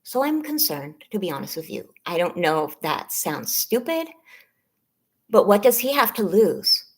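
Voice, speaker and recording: A woman in her thirties on a personal live stream, talking haltingly and shakily as she holds back tears. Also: mid-range voice, sing-song, slightly rough. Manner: shaky, halting, close to tears. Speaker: vlogger on a members-only live stream.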